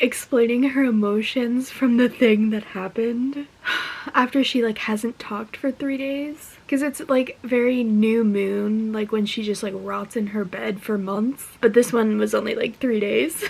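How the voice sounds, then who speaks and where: A young woman vlogging casually about her reading, gushing and excited, sometimes dropping to a whisper. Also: high voice, vocal fry, slightly rough, rough recording. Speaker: book vlogger. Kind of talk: casual reading vlog chat.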